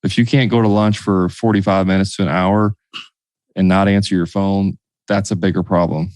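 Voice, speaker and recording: A man's voice: deep voice, steady tone, normal speed, a little mellow, no echo. A man hosting a business podcast, chatting casually, telling anecdotes and joking dryly. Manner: dry, joking, tells stories. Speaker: podcast host.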